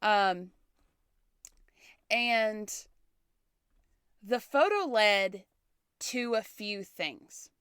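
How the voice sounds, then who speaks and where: A woman in her thirties co-hosting a casual history podcast, telling the story in a relaxed way, laughing often and swearing casually. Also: mid-range voice, very slow, pauses often, clear, resonant tone, no room sound, studio quality. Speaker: podcast co-host.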